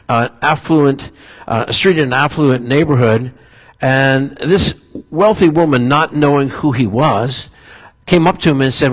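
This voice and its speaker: A pastor giving a sermon, telling stories in a relaxed, conversational way with asides. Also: male voice, mid-range voice, poor audio. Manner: storytelling, conversational with asides and chuckles.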